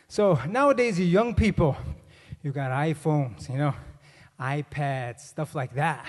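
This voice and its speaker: High-voiced man doing stand-up in a hall. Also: unhurried. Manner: animated storytelling, acts out both sides of dialogues. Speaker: comedian. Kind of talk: stand-up comedy. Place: conference hall. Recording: live hall with long reverb.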